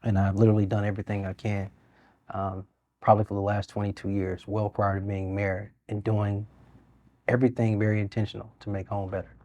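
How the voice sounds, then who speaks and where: A man, speaking in an earnest, reflective way as a guest in a studio interview. His voice sits low and mellow, and his pitch stays fairly flat and even as he talks. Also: fairly quick, no room sound. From Birmingham, Alabama. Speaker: mayor. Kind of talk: interview conversation.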